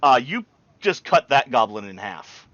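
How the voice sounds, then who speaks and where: A man's voice: mid-range voice, very animated, unhurried, a bit bright, dry recording, highs cut off. A man running a tabletop game as game master, talking hesitantly and repeating words.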